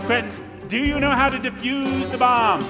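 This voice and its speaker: A man's voice: extremely high pitch, fairly even intonation, moderate pace. An actor playing an impatient man who keeps pressing for a bomb to be defused in a comedy sketch. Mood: urgent. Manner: insistent, impatient questioning. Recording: live hall reverb, faint music.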